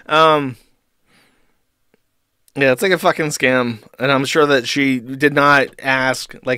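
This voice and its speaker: A man's voice: mid-range voice, steady tone, unhurried, sharp tone, smooth, no room sound, clean studio sound. A man hosting a stream, reading posts aloud and mocking them with sarcastic, profane commentary. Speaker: streamer host.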